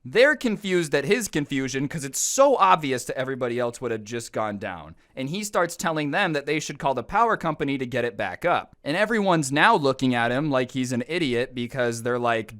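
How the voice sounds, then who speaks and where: A man telling a storytime to camera, sarcastic and incredulous, with animated retelling. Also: medium pitch, normal speed, hardly any pauses, clear, resonant tone. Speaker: storytime YouTuber. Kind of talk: storytime commentary.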